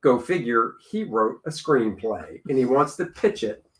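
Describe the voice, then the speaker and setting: A man's voice: mid-range voice, expressive, a little slow. A man co-hosting a casual movie review chat, chatty and joking.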